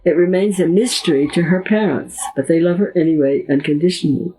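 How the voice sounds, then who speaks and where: A woman in her seventies gives a lecture, reading from a memoir about her own life and breaking off to add her own memories in a measured storytelling way. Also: on the low side, dark tone, rough recording. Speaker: guest speaker giving a lecture. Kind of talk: reading aloud from a memoir, with personal asides. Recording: audible background noise.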